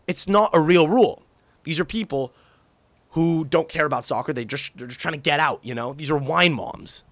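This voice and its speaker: Young guy ranting on his podcast, swears a lot, dry close sound, kinda high voice. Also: fast, no room sound. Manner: animated, profane, mimics people in shouty voices. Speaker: podcast host. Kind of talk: casual chat, ranting storytelling.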